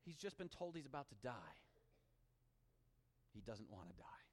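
A man preaching a sermon, reading scripture aloud and swinging between animated emphasis and hushed, intimate asides. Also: medium pitch, normal speed, in a large hall. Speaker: pastor.

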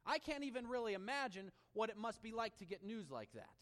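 A man preaching a sermon, reading scripture aloud and swinging between animated emphasis and hushed, intimate asides. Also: high voice, brisk, few pauses, big-room sound. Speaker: pastor.

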